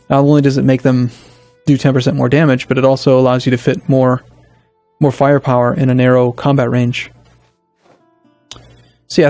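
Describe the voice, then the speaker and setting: A man casually commenting on his strategy game as a let's play host, thinking aloud with hesitant restarts and sudden bursts of excitement. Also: mid-range voice, no room sound.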